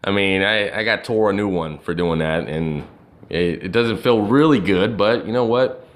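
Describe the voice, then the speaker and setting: A man's voice: deep voice, normal speed. An American man with a rural accent, talking bluntly and brashly as a podcast guest, swearing heavily and saying "you know" often. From USA. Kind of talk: casual chat.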